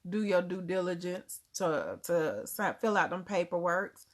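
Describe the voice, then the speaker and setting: A woman's voice: on the low side, sing-song, a little slow. A woman with a Southern US accent, chatting casually on a livestream and answering viewers, laughing often. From Germany. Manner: drops words, casual grammar. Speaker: livestream host. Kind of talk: casual live chat reading comments.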